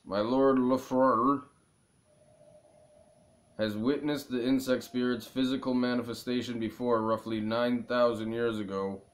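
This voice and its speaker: A man's voice: medium pitch, steady tone, lightly acted. A man voicing a pompous male envoy of a dragon in a put-on German accent, savoring every word as he reads game dialogue aloud. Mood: solemn. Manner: slow, savoring each word.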